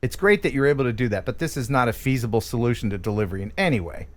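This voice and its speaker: A man's voice: medium pitch, animated, racing. An American man co-hosting a casual drone news chat, joking and sarcastic. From United States. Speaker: co-host.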